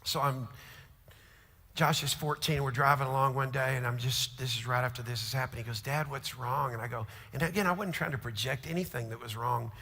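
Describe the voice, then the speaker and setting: Middle-aged man, pastor, sermon storyteller, forceful and gravelly, big reverberant church. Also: medium pitch, brisk. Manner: storytelling, swings from hushed to shouting. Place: large church auditorium. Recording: long hall reverb.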